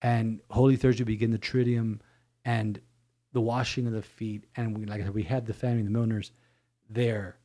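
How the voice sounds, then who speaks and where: A male priest co-hosting a podcast, telling stories in an animated, casual way with many restarts. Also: fairly low pitch, normal speed. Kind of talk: casual chat.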